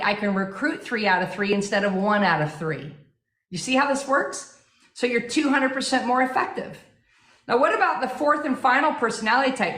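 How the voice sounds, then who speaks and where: A woman with a fairly high voice runs a motivational sales seminar, driving her points home with rhetorical questions. Her delivery is energetic and persuasive. The sound rings with a noticeable echo. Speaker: sales trainer.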